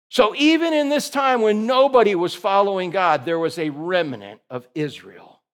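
A man preaching a sermon, his voice sitting high for a man. He tells the story in a lively, animated way, full of casual slang, and acts out the voices of the people in it. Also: unhurried, hardly any pauses. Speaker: pastor.

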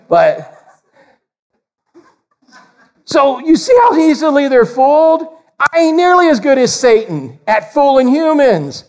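A man preaching a sermon in an animated, folksy way, laughing often. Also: very high voice.

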